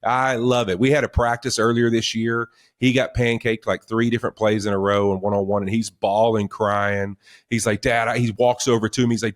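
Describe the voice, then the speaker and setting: A man's voice: medium pitch, quick pace. A man in his forties co-hosting a casual sports chat, telling stories and acting out quotes. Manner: animated storytelling, acts out quotes. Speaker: podcast co-host.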